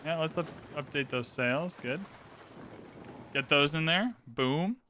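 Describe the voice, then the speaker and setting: A man's voice: fairly high pitch, slow pace, bright, forceful tone, slight background noise. A man hosting a gaming channel, talking through a strategy game in casual, upbeat commentary and explaining his moves as he plays.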